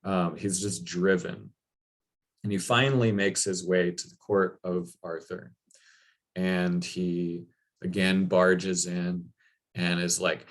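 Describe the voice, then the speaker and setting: A man's voice: low voice, flat delivery, slow pace. A man retelling a legend in a loose, chatty talk, full of fillers. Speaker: speaker. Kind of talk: casual storytelling talk.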